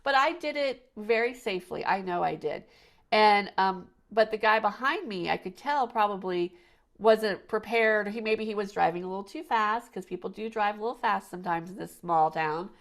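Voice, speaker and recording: A woman hosts a podcast, talking casually and spinning long stories full of restarts and asides. Her voice has a gravelly, creaky texture, and she sits at a middle pitch. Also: expressive, normal speed, a bit bright. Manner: chatty storyteller, lots of restarts and "you know". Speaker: podcast host. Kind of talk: casual conversational chat.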